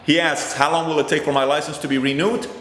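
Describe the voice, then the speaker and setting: Animated man telling a story in a roomy hall. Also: fairly high pitch, fast. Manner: animated, acts out both sides of conversations. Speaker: host. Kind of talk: motivational storytelling. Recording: roomy hall with long reverb.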